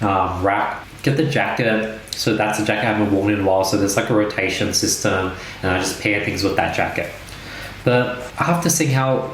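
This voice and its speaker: Low-voiced man in an echoey room. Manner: reflective, thinks aloud with repeated starts. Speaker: podcast co-host. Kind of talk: casual chat. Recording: very echoey room with faint noise.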